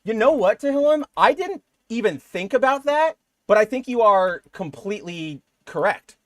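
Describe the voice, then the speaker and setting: A man's voice: high-pitched, big pitch swings, moderate pace, dry recording. A man co-hosting a comic book podcast, chatting casually and rambling with lots of fillers. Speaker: podcast co-host.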